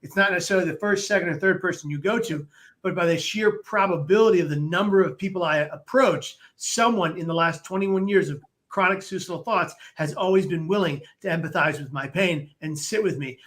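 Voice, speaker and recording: Measured man with a raised voice. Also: sits high, a bit bright. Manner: measured, deliberate speech. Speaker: interview guest. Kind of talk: podcast interview.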